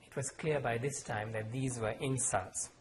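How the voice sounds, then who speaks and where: A man from Sri Lanka, reading aloud from his novel in a measured, expressive storytelling manner at a university event. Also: medium pitch, reverberant, slight background noise, poor audio. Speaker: author. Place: lecture hall at a university event.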